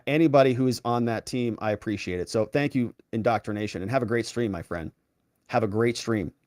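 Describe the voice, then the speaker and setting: A man hosting a livestream, chatting casually as he reads out viewer messages and gives shout-outs. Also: medium pitch, dry recording, clean studio sound. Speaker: livestream host.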